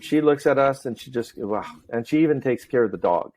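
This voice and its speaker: Middle-aged male podcast host, chatty and animated, relaxed conversational delivery. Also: mid-range voice, a little fast. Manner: talkative, animated storyteller. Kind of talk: casual chat.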